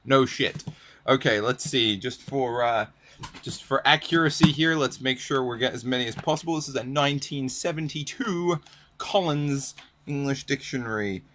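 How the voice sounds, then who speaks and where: A man's voice: mid-range voice, normal speed, a bit bright, slight background noise. A young man ranting casually to camera, profane and sardonic, reading definitions aloud from old dictionaries. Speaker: vlogger.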